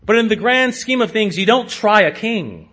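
Pastor, male, high voice, deliberate sermon delivery with emphatic swells. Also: expressive, breathy edge. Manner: slow, emphatic preaching with sharp rises in pitch and volume.

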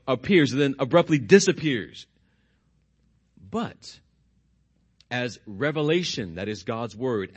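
A man preaching a sermon as pastor, putting questions to the congregation and slowing down and dropping his voice to stress key words. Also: medium pitch. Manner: slows and drops his voice for emphasis.

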